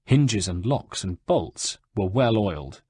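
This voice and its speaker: A man reading an audiobook in a measured, even storytelling manner. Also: on the low side, breathy edge, no room sound. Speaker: audiobook narrator. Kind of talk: scripted narration.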